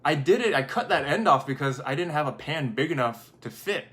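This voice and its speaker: A man's voice: on the high side, lively intonation, brisk, a bit bright, voice pushed up. A man voicing a blunt, matter-of-fact elderly grandmother who dismisses a family habit. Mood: dismissive.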